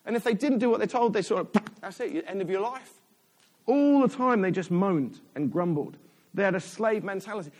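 A man's voice: high voice, expressive, normal speed, a little mellow. A man, a church elder, giving a chatty, self-deprecating sermon in a church.

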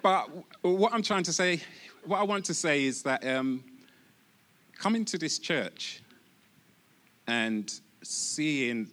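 Halting, slow-talking man giving church testimony. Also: fairly high pitch, animated, a bit bright. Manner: halting, many restarts, laughs easily.

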